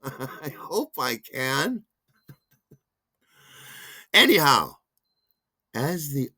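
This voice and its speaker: A man's voice: fairly low pitch, a bit bright, dry recording, clean studio sound. A man hosting a podcast, telling a rambling, self-deprecating personal story full of asides. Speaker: podcast host.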